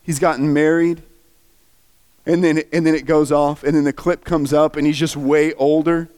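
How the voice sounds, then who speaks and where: Pastor, male, slightly higher pitch, earnest and emotional storyteller. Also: normal speed. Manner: earnest, emotional, animated retelling. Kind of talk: sermon storytelling.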